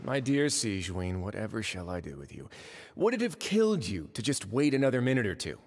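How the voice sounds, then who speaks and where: A suave, wry warden. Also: male voice, fairly low pitch, big pitch swings. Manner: smooth, unhurried, wry. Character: suave, dryly amused prison warden. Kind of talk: game cutscene dialogue. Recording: long reverb hall sound.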